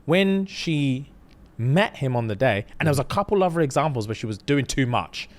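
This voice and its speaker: A man's voice: medium pitch, animated, moderate pace. A man, co-hosting a podcast and retelling a story in casual chat, full of slang and acted-out quotes. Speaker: podcast co-host.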